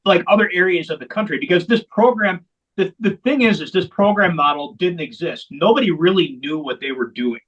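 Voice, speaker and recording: A man's voice: high voice, a little fast, a bit bright, lo-fi sound. A man who founded a veterans hockey program, telling its story in an interview with candid, emphatic repetition. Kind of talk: long-form interview storytelling.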